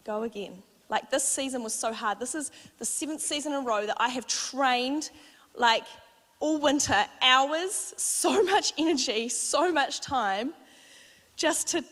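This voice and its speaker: Bright, high-voiced young woman preaching. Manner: chatty, animated storytelling peppered with "like" and laughter. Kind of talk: testimony-style sermon. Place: church auditorium before a congregation. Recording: long hall reverb of a church auditorium.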